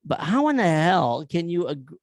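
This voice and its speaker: Gravelly, blunt-talking male podcast host. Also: on the high side, big pitch swings, no echo. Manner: blunt and profane, asks rapid rhetorical questions. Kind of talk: opinion rant.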